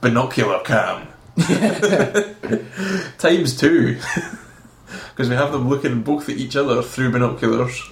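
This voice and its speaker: Co-host with a gravelly, giggly delivery, echoey room; playful and quick to crack up. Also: male voice, medium pitch, lively intonation. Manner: giggly, teasing, bursts into laughter. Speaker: film commentary co-host. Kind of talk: casual chat.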